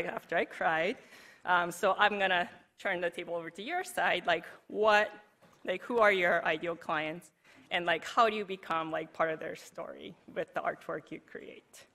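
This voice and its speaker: A woman giving a conference talk with a bright, crisp tone. She speaks in a loose, chatty way, packing her sentences with "like" and breaking into easy laughter. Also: on the low side, fairly even intonation, moderate pace. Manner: chatty, heavy use of "like", laughs easily. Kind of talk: recorded presentation talk.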